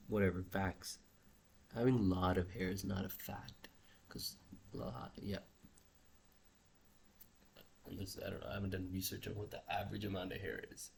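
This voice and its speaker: In a musing video journal, a young man curses casually and drifts off mid-sentence, then restarts restlessly. His voice is low, gravelly, slightly rough and darkish.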